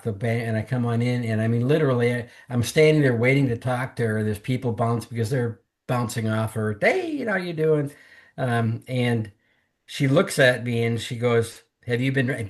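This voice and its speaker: A man, a podcast guest, candidly telling his personal testimony in conversation and acting out what others said to him. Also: mid-range voice. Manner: earnest, candid storytelling that mimics others' words. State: emotional, close to tears.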